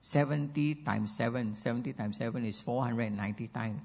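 An older man delivers a sermon. His voice is husky and gravelly and sits a little high, and he talks earnestly, stopping to repeat himself. The sound rings with the long reverb of a church hall. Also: brisk, a little mellow. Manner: earnest, peppered with "you know", repeats words as he goes. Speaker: pastor. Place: church sanctuary.

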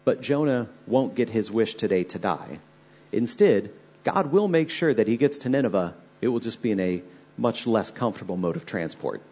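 Male pastor, husky, earnest storyteller preaching a sermon. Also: lowish voice, expressive, normal speed, darkish tone.

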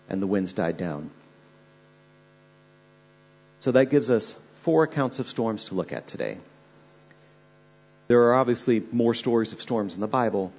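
Husky-voiced male preacher. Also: lowish voice, a little mellow. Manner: earnest, dramatic storytelling. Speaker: pastor. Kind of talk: sermon.

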